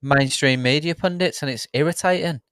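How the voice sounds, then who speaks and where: A man's voice: a little high, fairly quick, fairly bright tone, clean tone, dry recording, clean studio sound. A man hosting a live fan football show, chatting and reading out viewer comments. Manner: chatty, reads viewer comments, laughs often. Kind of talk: live football watchalong chat.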